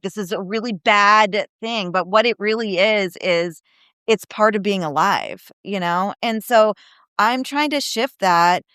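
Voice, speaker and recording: A woman guest in a casual podcast chat, telling stories with animation and slipping into the voices of people she quotes. She uses lots of "you know, like" fillers. Her voice is smooth and clear, and the recording is dry and close. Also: medium pitch, fairly bright tone, dry recording. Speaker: guest, disability advocate and speaker.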